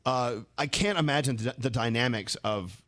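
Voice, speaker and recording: A man hosting a radio morning show, chatting and telling stories in casual banter. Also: mid-range voice. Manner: chatty, storytelling, quick and animated. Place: radio studio.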